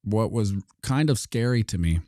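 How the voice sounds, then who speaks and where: A man hosting a casual commentary monologue, sarcastic, often acting out mock dialogues in quick changes of voice. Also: on the low side, animated, dark tone, dry recording, clean studio sound. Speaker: host.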